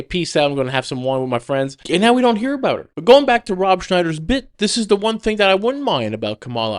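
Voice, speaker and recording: Fast-talking male commentary host. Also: mid-range voice. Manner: opinionated, mocking. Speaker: channel host commenting on clips. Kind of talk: casual commentary.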